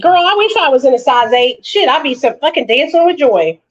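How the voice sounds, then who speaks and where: Woman, casual livestream host, chatty, swears, slightly high voice, muffled phone sound. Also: animated, brisk. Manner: chatty, talks straight to viewers, swears freely. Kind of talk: casual live chat.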